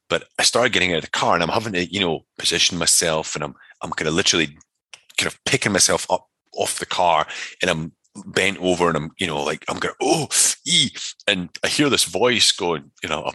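Give me a very low, bright-toned man rambling through a story as an interview guest. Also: dry recording. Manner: rambling, many fillers and restarts. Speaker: interview guest, personal trainer.

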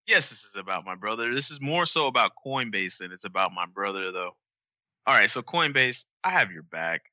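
A man hosting a podcast, ranting in a casual, animated and profane way. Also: lowish voice, fairly quick, no echo, highs cut off. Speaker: podcast host.

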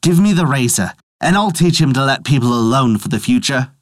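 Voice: medium pitch, animated, brisk, no echo, clean studio sound, natural voice. A storyteller putting on a raised, angry voice for a defiant husband who refuses a deathly call. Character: defiant husband shouting at an unseen caller.

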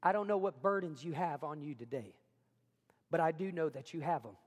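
High-voiced male pastor preaching. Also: brisk. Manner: conversational preacher, asks the crowd questions, acts out quotes. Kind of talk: sermon. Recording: hall reverb.

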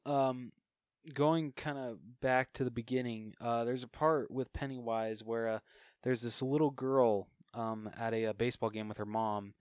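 A man's voice: mid-range voice, clear, resonant tone, no echo, studio quality. A man co-hosting a podcast, chatting casually about a film and eagerly retelling its scenes. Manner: excited retelling of scenes, laughs often. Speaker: podcast co-host.

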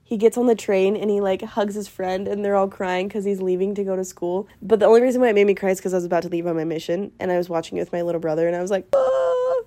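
A woman's voice: medium pitch, flat delivery, very fast, few pauses, dark tone. A woman in her twenties co-hosting a casual chat, telling rambling, bubbly stories. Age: 20s. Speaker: co-host.

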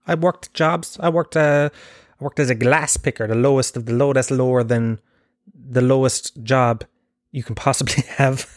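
A man's voice: mid-range voice, steady tone, normal speed, no echo, clean studio sound. A man hosting his own podcast, rambling through stories in a casual, self-mocking way and swearing freely. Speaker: podcast host. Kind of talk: comedic casual monologue.

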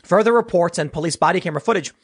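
A man's voice: high-pitched, racing, slightly rough. A man hosting a political commentary show, talking casually and sarcastically, reading news stories aloud and mocking people in quoted voices.

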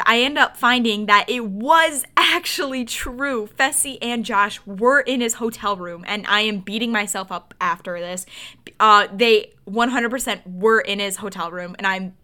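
A young woman in her twenties, with a voice a little on the high side, co-hosts a podcast. She tells a story in a casual, animated way and laughs frequently.

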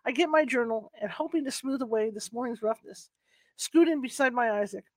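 A woman's voice: fairly high pitch, fairly quick, darkish tone, no echo. Woman reading a novel aloud, dry sound. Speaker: book reader. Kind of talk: first-person novel reading.

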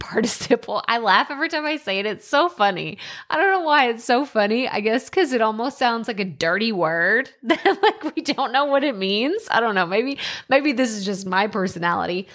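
A woman's voice: fairly high pitch, a bit bright. Chatty Texan woman podcaster. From Texas. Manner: chatty, self-deprecating, laughs at herself. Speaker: podcast host. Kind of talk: solo podcast talk.

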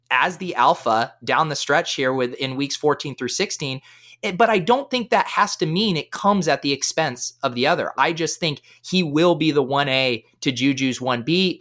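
A man speaking as a guest on a podcast, talking with lots of energy and eagerness in casual chat. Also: fairly bright tone. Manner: high-energy, eager talker.

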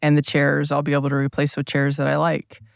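A man's voice: on the high side, monotone, creaky, dry recording, clean studio sound. A man with a groggy morning voice, rambling casually through a solo podcast while seated at a table inside a parked RV. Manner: rambling, unhurried, self-questioning. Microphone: small plug-in mic powered by a tablet.

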